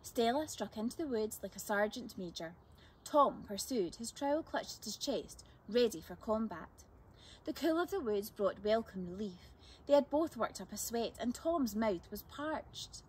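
Expressive woman reading a children's book. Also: fairly high pitch, a little slow, breathy edge. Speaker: storyteller. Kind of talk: children's book read-aloud.

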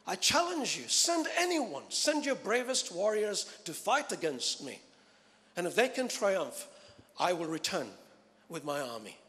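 A towering warrior giant taunts his enemies in a mocking, boastful tone, as a man preaching puts him on. The voice sits fairly high and rings out with a long hall reverb. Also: sing-song, measured pace, fairly bright tone, heavily acted.

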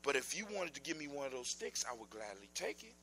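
A man doing a calm, gentle healer. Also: medium pitch, fast talker, breathy edge, pitched below the performer's own voice, exaggerated voice.

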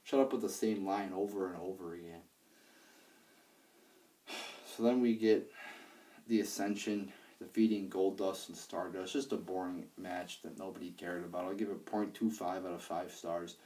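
A man's voice: sits low, steady tone, normal speed, warm tone, distant mic. A young man casually reviewing a wrestling show, rambling and profane, with lots of fillers and restarts. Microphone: handheld iPad.

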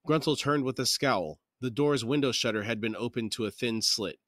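A man and podcast host reading a fantasy novel aloud in a steady, even narration. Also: mid-range voice, moderate pace, hardly any pauses, no echo, clean studio sound. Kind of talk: audiobook-style fiction reading.

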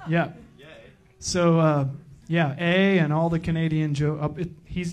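A man's voice: on the high side, fairly even intonation, measured pace, muffled recording. A man introducing a guest speaker at church in a joking, rambling way, full of fillers and restarts. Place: church sanctuary.

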